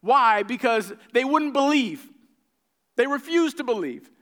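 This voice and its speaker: Guy with a pretty high voice giving a sermon, acts out the bible characters, lots of "the, the" restarts. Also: measured pace. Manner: animated storytelling, acting out characters' lines; frequent repeated words and restarts. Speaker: preacher.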